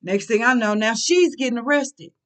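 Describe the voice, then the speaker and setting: Animated middle-aged woman telling a story. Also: on the high side, normal speed. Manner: animated, emphatic, colloquial. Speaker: vlogger. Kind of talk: personal storytelling.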